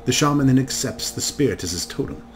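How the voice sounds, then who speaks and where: A man's voice: medium pitch, lively intonation, fast talker, lightly acted. A man voicing a flamboyant, sardonic elf man who lectures in a wry way. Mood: lecturing.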